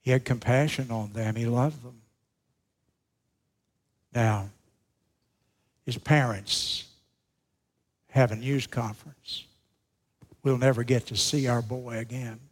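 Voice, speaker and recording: A male pastor delivers his sermon at an unhurried, deliberate pace. His voice is husky, and he leans into each story with emphasis. He sounds measured and earnest. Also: mid-range voice, steady tone. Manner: slow, emphatic storytelling preacher.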